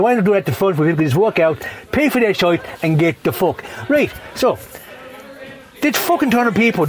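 A middle-aged Irish man rants in a high, swooping voice, swearing in nearly every breath. He rambles from complaint to complaint with a tipsy, rough-edged comic energy. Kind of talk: profane comedic rant.

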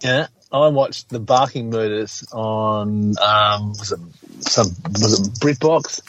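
A man's voice: lowish voice, slow, fairly bright tone, dry recording, poor audio. A man chatting casually on a podcast, rambling and hesitant, often swearing. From Australia. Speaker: podcast co-host. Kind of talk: casual chat.

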